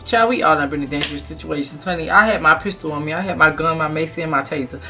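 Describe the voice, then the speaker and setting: A woman's voice: sits low, fast, few pauses. A young woman vlogger tells her story bluntly and with plenty of feeling. She talks straight to her viewers, with faint music playing behind her. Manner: animated, blunt, emphatic storytelling. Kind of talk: storytime vlog.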